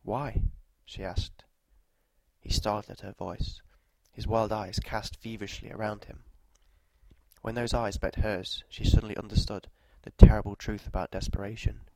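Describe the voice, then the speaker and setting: A man narrating a scripted story in a measured, even delivery, with walking directions at the end. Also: lowish voice, dry recording, rough recording.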